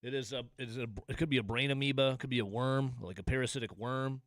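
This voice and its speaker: A man's voice: medium pitch, steady tone, fairly bright tone, dry recording, clean studio sound. A man hosting call-in sports radio, mocking and sarcastic, stretching out his jokes. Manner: mocking, sarcastic, drawn-out asides. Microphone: studio microphone.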